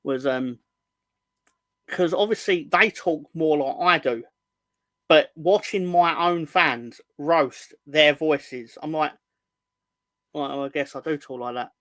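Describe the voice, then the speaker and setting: A man's voice: fairly high pitch, takes it slowly, pauses often, a bit bright, dry recording. Rambling man chatting on a podcast. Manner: rambling, swears casually, mimics accents. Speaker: co-host. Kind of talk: casual podcast banter.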